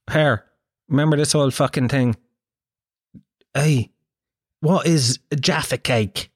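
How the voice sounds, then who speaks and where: Animated swearing Irish man. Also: a little high, no echo, studio quality. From Ireland. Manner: animated, swears a lot, asks the listener questions. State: occasional cough. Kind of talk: comic rambling monologue.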